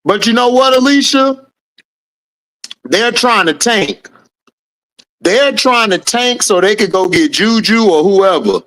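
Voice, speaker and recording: Slow, high-voiced man chatting with viewers. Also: expressive, fairly bright tone. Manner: reads out viewer names and answers chat, laughs often. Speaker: livestream host. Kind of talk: casual live-chat commentary.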